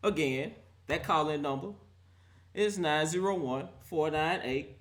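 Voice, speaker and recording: A man's voice: a little high, a little slow, a bit bright. A young adult man hosting a live call-in sports show, roasting players and fans in a laughing mock-preacher style.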